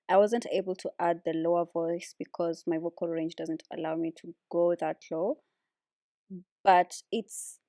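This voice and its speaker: A woman casually explaining how she builds vocal harmonies, relaxed and chatty with lots of fillers. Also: fairly low pitch, dry recording, clean studio sound. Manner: relaxed, with many fillers like "like" and "so, yeah". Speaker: a cappella vocalist teaching harmony. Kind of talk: casual music tutorial.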